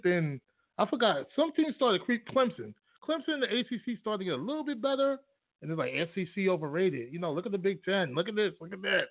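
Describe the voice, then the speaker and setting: High-pitched male radio co-host, animated, laughing, tinny phone-line sound. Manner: animated, laughs often, talks over his co-host. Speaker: podcast co-host. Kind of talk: casual sports and music chat.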